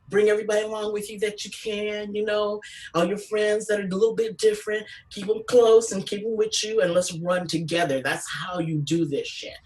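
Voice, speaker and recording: Animated woman comic, distant mic. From California. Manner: animated, acts out voices with big pitch jumps. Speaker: comedian. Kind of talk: stand-up storytelling.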